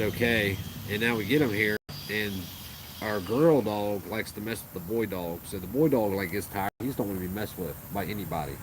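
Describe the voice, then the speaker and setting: A man's voice: lowish voice, background noise. A man chatting casually on a livestream at home, rambling and joking crudely about his dogs. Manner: rambling, crude and joking, baby talk to the dog. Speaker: livestream host.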